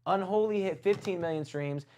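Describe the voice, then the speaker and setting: A man's voice: high-pitched, moderate pace, warm tone. A man hosting a casual music review livestream, teasing his chat in playful banter.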